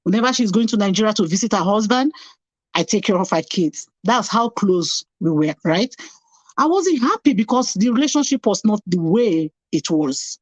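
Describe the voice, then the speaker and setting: A woman's voice: medium pitch, expressive, normal speed, dry recording, dull audio. A middle-aged woman, a nurse, telling her personal story as an interview guest. She speaks animatedly, acts out past conversations and repeats phrases for emphasis.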